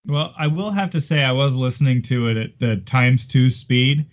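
A man's voice: mid-range voice, moderate pace. Friendly guy laughing along on a podcast, muffled audio. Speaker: podcast co-host. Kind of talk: casual podcast chat.

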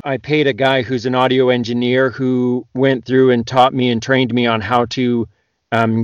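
A man from Canada, an audiobook narrator, chatting as a podcast guest in a lively storytelling way. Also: mid-range voice, no echo, highs cut off. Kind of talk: casual podcast chat.

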